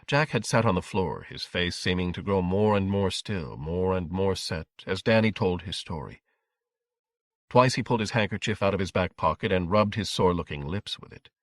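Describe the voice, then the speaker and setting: A man narrating an audiobook in a measured, steady way. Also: low voice, no echo, studio quality.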